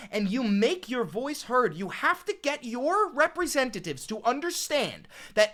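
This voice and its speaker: Fired-up man ranting with lively pitch. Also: moderate pace, few pauses. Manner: profane, impassioned ranting. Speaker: host. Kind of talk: reaction video commentary.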